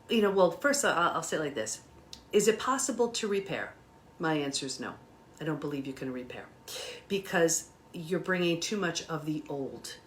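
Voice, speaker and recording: Middle-aged woman, interview guest, low-ish voice but very animated delivery, faint hiss behind. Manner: gestures with her hands while explaining, lively and emphatic. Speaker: guest expert on betrayal recovery. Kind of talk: animated explanatory talk.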